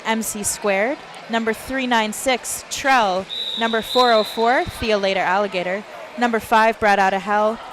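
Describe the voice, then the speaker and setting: A woman announcing a roller derby bout live, briskly calling penalties, lead jammers and the player lineup. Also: fairly high pitch. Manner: brisk, reels off player numbers and names. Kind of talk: live play-by-play commentary. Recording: noisy venue background.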